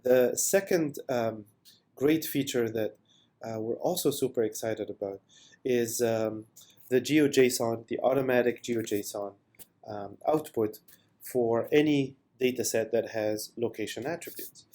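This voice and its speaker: A man presenting a software product demo in an unscripted voice-over, enthusiastic and with many fillers. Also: medium pitch, a little slow.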